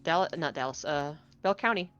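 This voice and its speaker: A woman chatting casually as a guest, an animated storyteller who acts out the people she quotes. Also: deep voice, fairly quick, clear, resonant tone, dull audio, soft background music. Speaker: guest, game co-developer. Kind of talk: casual podcast chat.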